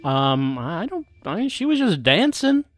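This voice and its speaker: A man's voice: a little high, sing-song, measured pace, fairly bright tone, faint music behind. Joking, rambling male streamer. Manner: joking, self-deprecating, rambling. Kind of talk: casual gameplay commentary.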